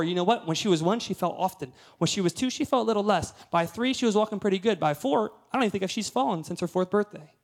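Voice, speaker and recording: Male guest preacher, thirties, slightly high voice; storytelling sermon that swells to loud peaks. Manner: storytelling, rising to emphatic peaks.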